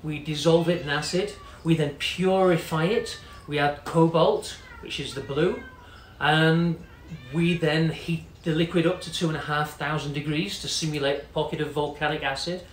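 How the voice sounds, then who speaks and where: A man's voice: a little high, steady tone, normal speed, few pauses. A man telling a long story in a chatty, casual way, full of "you know" fillers and quoted voices. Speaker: company CEO telling a story. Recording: echoey room with faint noise.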